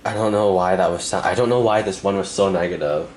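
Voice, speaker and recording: A young man doing a pick-a-card tarot reading, talking softly and earnestly to the viewer with pauses, and emotional at times. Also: low voice, slight background noise. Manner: soft, earnest, speaks directly to the viewer with pauses. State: emotional, close to tears. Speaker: tarot reader.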